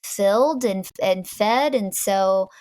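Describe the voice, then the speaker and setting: A woman's voice: mid-range voice, takes it slowly, a little mellow, dry recording. A woman from Virginia with a Southern US accent, a guest talking casually and rambling, with many restarts and a lot of "like". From Virginia, USA. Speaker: guest filmmaker. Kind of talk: casual interview chat.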